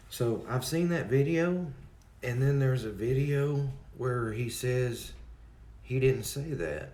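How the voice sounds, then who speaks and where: A man's voice: mid-range voice, expressive, takes it slowly, mellow, echoey room. A man hosting a livestream, chatting casually and rambling as he greets viewers in the chat by name. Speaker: livestream host.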